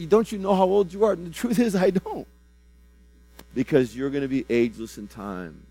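Man giving a prophetic word, lowish voice, fervent, repeats himself a lot, faint music behind. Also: poor audio. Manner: fervent, with sudden loud bursts and soft drops; repeats phrases and stammers into restarts. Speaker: minister giving a personal prophecy. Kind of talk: prophetic ministry.

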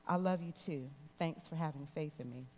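A woman reading the lines of a calm, loving father who reassures his daughter, in soft gentle tones in a reverberant hall. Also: moderate pace. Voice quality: deep, calm. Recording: long reverb in a large hall.

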